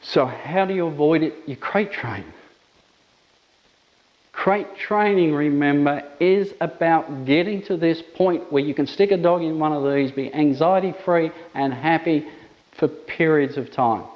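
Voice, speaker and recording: A man's voice: on the high side, measured pace, a little mellow, poor audio. A man, an emphatic dog trainer explaining methods with repetitive phrasing. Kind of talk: instructional talk to camera.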